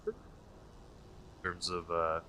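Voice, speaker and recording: A man's voice: sits low, completely flat delivery, slow, sharp tone. A male streamer in casual live-stream chat, rambling and answering his chat's messages as he plays.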